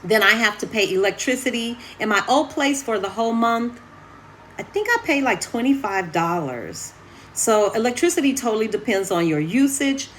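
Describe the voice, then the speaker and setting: A woman vlogging from her apartment in a chatty, animated way, often calling her viewers y'all. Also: on the high side, moderate pace, a little hiss or hum. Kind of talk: casual chat to camera.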